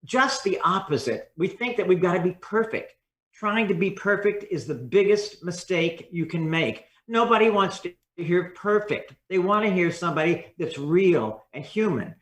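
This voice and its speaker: A man speaking as a communication coach in a podcast interview, expressive and acting out different tones of voice. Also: high-pitched, moderate pace, reverberant.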